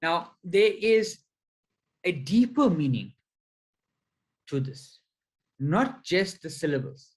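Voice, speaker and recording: A man teaching a spiritual lecture at an unhurried, measured pace, his voice sitting a little higher than most men's. He explains carefully, often pausing on fillers as he works through each point. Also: very animated, low-quality recording. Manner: slow, deliberate explaining with frequent fillers; counts syllables aloud one by one. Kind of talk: lecture with slides.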